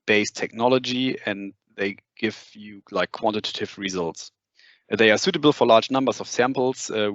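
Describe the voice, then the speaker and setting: A man giving a live laboratory demonstration, explaining each step in a halting way with many fillers and restarts. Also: fairly low pitch, a bit bright, lo-fi sound. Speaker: product demonstrator. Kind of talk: live lab demonstration over a video call. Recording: roomy sound with faint noise.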